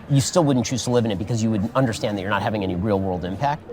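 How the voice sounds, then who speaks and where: A low-voiced man talks fast in a stage debate, reeling off books and theories. A live audience is audible around him. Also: crowd noise. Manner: quick, cites books and theories, some restarts. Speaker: discussion partner on stage. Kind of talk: rapid intellectual debate.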